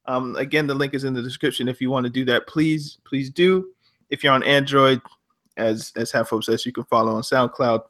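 A man hosting a casual football podcast, reading out listener reviews in a relaxed way with frequent ums. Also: mid-range voice, fairly quick. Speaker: podcast host.

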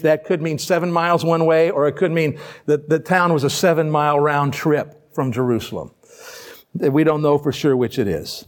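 A pastor with a somewhat high voice talks his congregation through a scripture passage. He reads a verse, then unpacks it in an easy, conversational manner, tossing out rhetorical questions and light humor along the way. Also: a little mellow. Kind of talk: sermon, reading and explaining scripture. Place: church before a live congregation.

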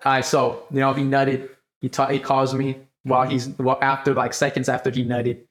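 A young podcast co-host spins a rambling, animated story in easy casual chat. His voice sits at an ordinary middle pitch, and he acts out his friends' lines as he goes. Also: normal speed.

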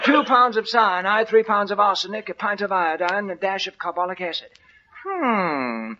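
A man's voice: high voice, expressive, normal speed, bright, forceful tone, slight background noise. A man playing a pompous, bumbling British police inspector in a 1940s radio comedy sketch, on a muffled old broadcast recording. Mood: smug. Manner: bumbling, self-satisfied, theatrical.

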